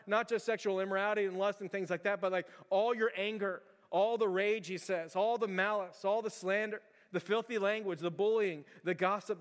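A man preaching a sermon as pastor, telling stories in an animated, conversational and emphatic way. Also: high voice, big-room sound.

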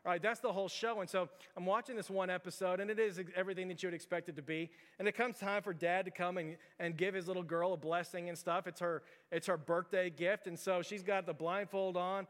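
A pastor preaching a sermon in a church, talking informally with lots of fillers and pressing questions to the congregation. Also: male voice, high-pitched. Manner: informal, filler-heavy storytelling with direct challenges. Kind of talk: conversational sermon. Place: church sanctuary. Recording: reverberant church hall.

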